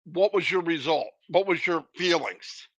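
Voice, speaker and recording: A man delivers a live motivational talk in a high, bright voice. He is emphatic and keeps asking the listeners rhetorical questions. The sound is dry and close. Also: a little slow, no echo, highs cut off. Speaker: motivational speaker.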